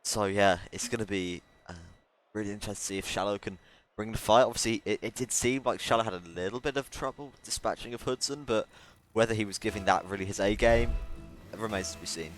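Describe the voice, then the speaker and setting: A man with an Irish accent giving play-by-play esports commentary, lifting to excited calls at big plays. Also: fairly low pitch, fast talker. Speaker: esports caster. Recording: noisy background.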